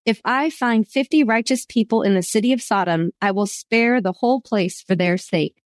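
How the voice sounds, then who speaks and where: A woman reading the Lord, calm. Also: fairly high pitch, normal speed, dry recording, natural voice. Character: the Lord answering Abraham calmly.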